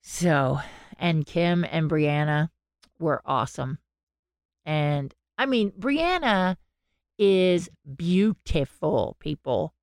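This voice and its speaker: A woman co-hosting a podcast, retelling stories with animated quoted voices. Her voice sits a little low for a woman. The sound is dry and close to the mic. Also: slow pace, dry recording. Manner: animated storytelling, acting out quotes. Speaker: podcast co-host. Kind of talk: casual podcast chat.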